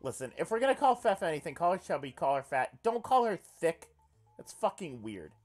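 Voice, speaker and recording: A man playing a visual novel on stream, reading its text aloud and reacting in an animated, excitable way, swearing freely. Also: on the high side, quick pace, soft background music. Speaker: let's player.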